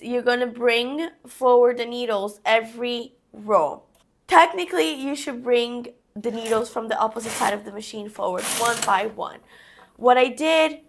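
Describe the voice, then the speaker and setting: A young woman with a creaky voice on the high side chats to herself while knitting, giving casual step-by-step narration as a crafting vlogger.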